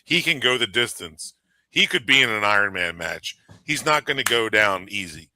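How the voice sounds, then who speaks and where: Low, gravelly, sharp-toned male co-host, emphatic and chatty; dry close sound. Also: animated, moderate pace, dry recording. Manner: emphatic, says "dude" and "you know what I mean". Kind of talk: casual podcast chat.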